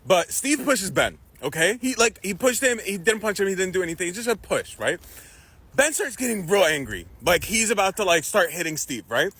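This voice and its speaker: Animated, husky young man telling a story. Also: fairly quick. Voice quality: husky, animated, laughs often. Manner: acts out the people in his story, jumps into high yelps. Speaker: comedian. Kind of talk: stand-up storytelling.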